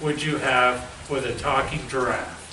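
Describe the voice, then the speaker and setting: A man's voice: mid-range voice, steady tone, measured pace, pushed and bright, slight background noise. Rambling male host, far off in an echoey room. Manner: rambling, keeps asking "right?". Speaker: interviewer host. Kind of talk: casual interview.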